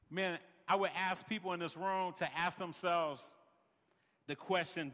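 A man's voice: high-pitched, steady tone, normal speed, pushed and bright, long reverb tail. A man preaching a sermon as pastor, peppering his lines with "man" and building rhythmic refrains. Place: large worship center.

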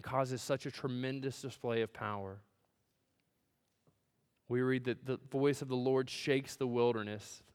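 A man preaches a sermon in a church sanctuary, his smooth, resonant voice sitting a little high for a man. He builds to loud, emphatic peaks, then drops to a hushed, almost whispered delivery. A long reverb trails after his words. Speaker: pastor.

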